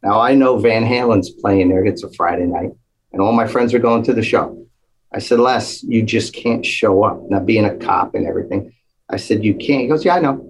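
A man's voice: lowish voice, moderate pace, creaky, slightly rough, poor audio. A man telling a long story in casual chat, acting out the voices of the people in it. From New Jersey. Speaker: guest storyteller.

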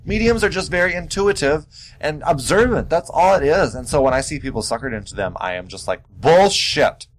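Sassy, animated male podcast host. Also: brisk, rough recording. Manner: animated, sassy, with big pitch jumps. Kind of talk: casual solo podcast monologue.

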